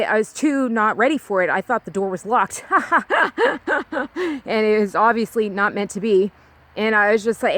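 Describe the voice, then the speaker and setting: A young woman from California telling a personal story alone, rambling and confiding, with many restarts and fillers. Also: medium pitch. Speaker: podcast host.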